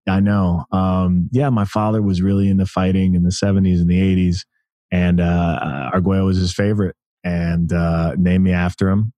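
A man in his thirties from the United States, a podcast guest telling stories in a rambling, animated way and laughing often. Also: deep voice, normal speed, no room sound. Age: 30s. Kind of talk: casual interview chat.

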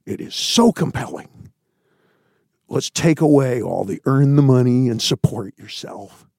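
A man in his sixties, a candid interview guest telling stories with blunt, profane asides, his voice swinging between loud bursts and hushed, low passages. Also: vocal fry, slightly rough, dry recording, studio quality. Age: 60s. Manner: blunt, swears freely.

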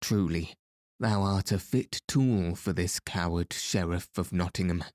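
A man's voice: low voice, measured pace, darkish tone, no room sound, clean studio sound. A man voicing a loyal male outlaw who speaks defiantly and mournfully. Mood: defiant grief.

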